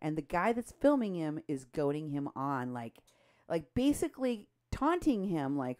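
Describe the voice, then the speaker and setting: Indignant woman. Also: moderate pace. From Mexico. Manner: animated, indignant, rising sharply in pitch when outraged. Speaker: co-host. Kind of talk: political talk show commentary.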